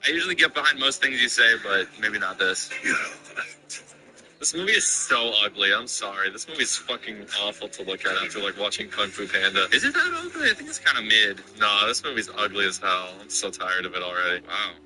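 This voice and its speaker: A man's voice: on the low side, animated, fairly quick, noisy background. A man chatting casually while watching a movie, cracking crude, sarcastic jokes. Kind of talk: casual movie reaction chat.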